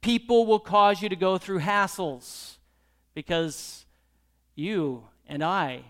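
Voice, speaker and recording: A man's voice: high-pitched, lively intonation, slow. A middle-aged man preaching a sermon, telling a personal story and then pressing the congregation with pointed rhetorical questions. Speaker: pastor.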